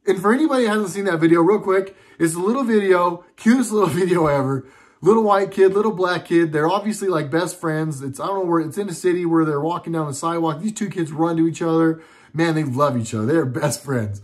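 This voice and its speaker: A man's voice: fairly high pitch, fairly quick. A young adult man from the United States giving a casual political commentary monologue, indignant, sarcastic and rambling.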